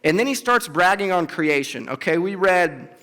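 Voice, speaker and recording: Young male preacher, high voice, casual and animated, reverberant hall. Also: normal speed. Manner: conversational, acts out biblical quotes with emphasis. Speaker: campus ministry speaker. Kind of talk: casual sermon. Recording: long reverb of a large hall.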